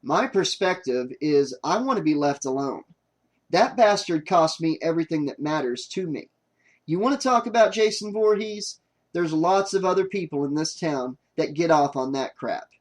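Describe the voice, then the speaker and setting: A man's voice: a little high, animated, normal speed, natural voice. A man reading an audiobook, voicing a bitter survivor who speaks bluntly and with hostility. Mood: bitter hostile. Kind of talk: audiobook character voice.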